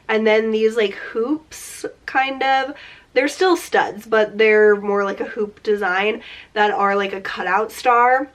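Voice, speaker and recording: Stuffed up with a cold, a woman in her late twenties talks through her beauty favorites in a chatty, cheerful vlog, leaning heavily on "like." She speaks a little slowly at a medium pitch.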